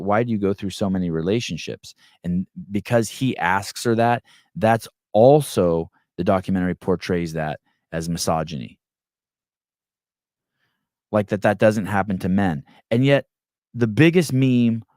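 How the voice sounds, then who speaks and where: A man's voice: deep voice, darkish tone, no echo, studio quality. A man hosting a podcast, retelling a story in a loose, rambling way with many restarts. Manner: rambling, restarts often, acts out quotes. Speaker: podcast host. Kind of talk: casual monologue.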